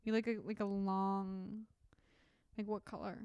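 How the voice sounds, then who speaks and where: A woman co-hosting a casual podcast, her voice smooth and clear. The sound is dry and close, with no room around it. She talks in a chatty, teasing way and often trails off mid-sentence. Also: medium pitch, little pitch movement, a little slow, a little mellow, no room sound, muffled recording. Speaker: podcast co-host. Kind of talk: casual chat.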